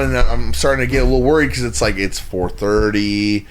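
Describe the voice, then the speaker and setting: A man's voice: mid-range voice, moderate pace, background noise. A man co-hosting a podcast, telling a long exasperated story in casual, profane chat with lots of rambling restarts. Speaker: podcast co-host.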